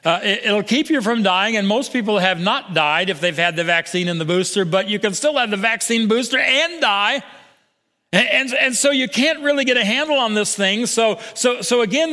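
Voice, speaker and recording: An older man preaching a sermon, earnest, stumbling over restarts and sinking to soft, low emphasis. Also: normal speed. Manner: earnest, with repeated restarts and soft drops to near-whisper for emphasis. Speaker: pastor. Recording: long hall reverb.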